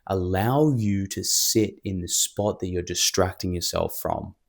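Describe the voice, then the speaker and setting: Fired-up, low-voiced man. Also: unhurried, vocal fry. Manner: fired-up and emphatic, rambling. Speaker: vlogger. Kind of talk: motivational vlog storytelling.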